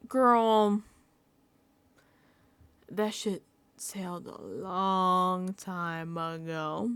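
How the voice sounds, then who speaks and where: A woman's voice: mid-range voice, steady tone, slow pace, pauses often, a bit bright, smooth, dry recording. A young woman giving a sassy, gossipy recap of a reality show, acting out quotes from the contestants. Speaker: recap vlogger.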